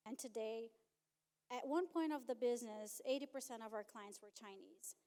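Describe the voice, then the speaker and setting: A middle-aged woman giving a personal testimony at a conference, telling her story with animated back-and-forth dialogue. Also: fairly high pitch, normal speed, clean tone. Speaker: conference speaker.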